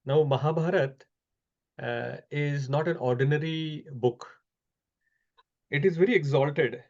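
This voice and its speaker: A man teaching a scripture class over an online call, explaining slowly with frequent pauses. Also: on the high side, a little mellow, highs cut off.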